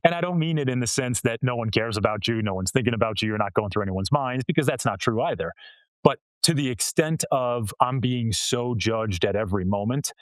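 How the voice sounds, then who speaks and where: A man's voice: mid-range voice, a little fast, dry recording. A man speaking as a communication coach in a podcast interview, explaining ideas in an earnest, coaching way with everyday examples. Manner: earnest, coaching tone with illustrative quotes. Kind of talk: conversational interview answers.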